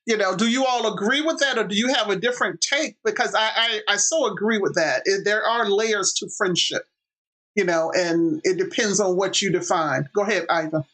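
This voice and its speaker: An upbeat woman hosting a couples panel, her voice bright and forward. She laughs easily and keeps the talk moving. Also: medium pitch, moderate pace. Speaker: host. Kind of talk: casual panel discussion.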